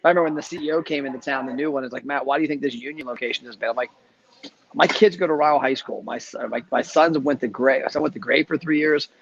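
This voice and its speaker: A man hosting a casual live chat, telling stories in a brisk, chatty way. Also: a little high, vocal fry, slight background noise. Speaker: host. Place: travelling, speaking from a hotel. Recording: dull lo-fi live stream audio.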